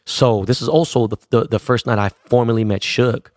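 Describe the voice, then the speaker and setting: A man from Los Angeles, a podcast host telling stories in a profane, slangy, animated way. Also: mid-range voice, brisk, dry recording, studio quality. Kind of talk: casual storytelling.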